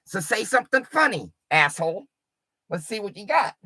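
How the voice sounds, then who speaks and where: A man's voice: sits high, sing-song, moderate pace, sharp tone, slightly rough, no echo. A middle-aged man, a livestreamer, ranting in a rambling, profane and mocking way at his audience.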